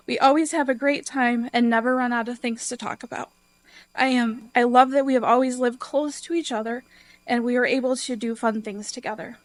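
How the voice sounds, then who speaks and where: A woman with a higher voice reads a heartfelt tribute to the congregation, earnest and close to tears. Her voice is dry and close, with little room sound. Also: fairly even intonation, brisk, no room sound. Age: adult. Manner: earnest, emotional, tearful at times. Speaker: congregation member giving a tribute. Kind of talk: reading a prepared personal tribute. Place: church sanctuary.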